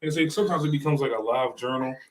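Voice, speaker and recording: A man hosting a podcast in a studio, talking quickly at a mid pitch. He jokes easily with his guest and lets phrases trail off. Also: rough recording. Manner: relaxed, joking, trailing phrases. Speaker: podcast host. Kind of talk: casual chat.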